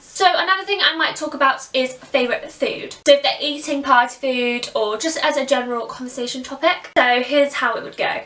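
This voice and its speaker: A woman's voice: high-pitched, fairly quick, hardly any pauses, bright, forceful tone, roomy sound, distant mic. A British woman explaining a costume tutorial step by step in a chatty way. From Britain. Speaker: costume character performer. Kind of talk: tutorial narration.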